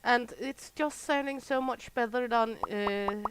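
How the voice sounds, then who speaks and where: A woman's voice: on the high side, measured pace, background noise. A Danish woman from Southern Jutland, chatting casually and laughing while she streams a game. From Southern Jutland, Denmark. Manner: chatty, rambling, laughs often. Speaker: gaming streamer. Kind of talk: casual chat while playing.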